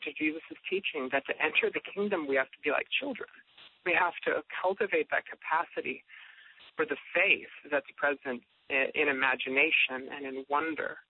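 A man's voice: fairly high pitch, slight background noise. A man, the guest author, speaking thoughtfully with frequent fillers in a reflective conversation about faith. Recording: tinny phone line.

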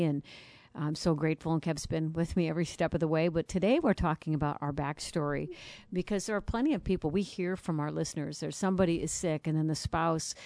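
Middle-aged woman, podcast co-host, low mellow voice, earnest and reflective, dry close sound. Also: dry recording. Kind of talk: personal storytelling.

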